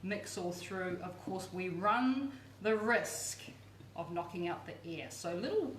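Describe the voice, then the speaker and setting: A woman's voice: lowish voice, animated, takes it slowly, reverberant, a little hiss or hum. A woman hosting a cooking demonstration, chatty and enthusiastic with playful asides. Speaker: cooking show host.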